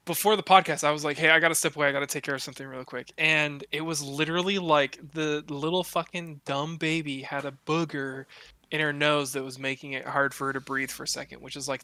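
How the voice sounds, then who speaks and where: Bright-voiced young man, casual podcast host. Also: on the high side. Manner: swears a lot, many fillers, animated storytelling.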